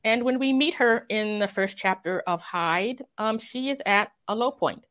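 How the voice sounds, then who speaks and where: A woman's voice: medium pitch, normal speed, fairly bright tone. A woman with a mid-range voice talks reflectively as an interview guest, earnest and thoughtful. Her speech is full of little fillers and hedges as she works through her ideas. The sound is a bit dull and lo-fi. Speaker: crime writer, interview guest. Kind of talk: conversational interview.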